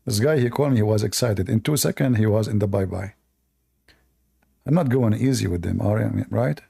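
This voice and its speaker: Mocking gravelly live-stream host. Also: male voice, on the low side, fairly quick. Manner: mocking, animated, non-native English phrasing. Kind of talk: casual live-stream debate talk.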